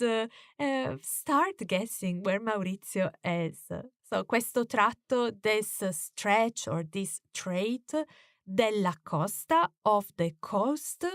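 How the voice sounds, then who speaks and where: A woman with as her teaches a lesson at a slow, patient pace, often pausing on "uh" as she explains. Her voice sits at a middle pitch and sounds close and dry, with no room echo. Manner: slow, careful explanations with frequent "uh" fillers. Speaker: language teacher.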